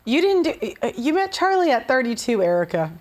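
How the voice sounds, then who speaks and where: High-voiced woman with blunt, profane commentary. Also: sing-song, fairly quick, a little mellow. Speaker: show host. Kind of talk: reaction commentary.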